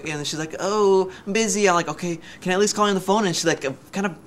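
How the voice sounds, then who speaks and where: A young man in his twenties telling a story in a casual vlog, talking fast and energetically, joking and theatrical. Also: sits high, fairly bright tone. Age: young adult. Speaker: vlogger.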